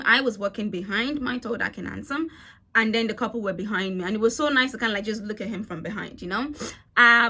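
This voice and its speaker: A young woman talks straight to camera in a loose, chatty storytelling flow. Her voice sits a little high and has a bright, forward edge. She swears freely and keeps the telling animated. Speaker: vlogger. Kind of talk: casual storytime.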